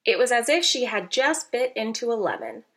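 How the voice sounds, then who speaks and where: A woman narrating a children's storybook aloud, expressive and playful, with teacherly asides to young listeners. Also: a little high, normal speed.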